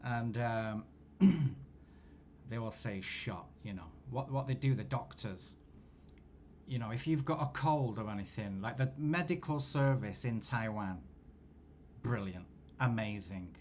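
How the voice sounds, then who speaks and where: A man, host of a football watchalong, telling rambling, self-deprecating stories in a low-key casual chat. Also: a little slow, a little mellow, a little hiss or hum. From England.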